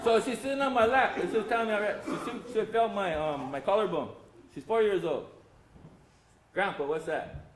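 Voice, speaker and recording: A man's voice: high voice, fairly quick, noisy background. An older man telling folksy, humorous stories to an audience at a symposium and talking to them directly. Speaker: symposium speaker. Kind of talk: storytelling talk to an audience. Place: lecture hall. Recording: roomy hall sound, faint ambience.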